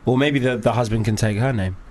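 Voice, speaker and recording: A man's voice: mid-range voice, fairly quick, darkish tone, slight background noise. A man, co-hosting a radio show in casual, joking banter that often trails off. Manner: jokey, laughs often, trails off mid-sentence.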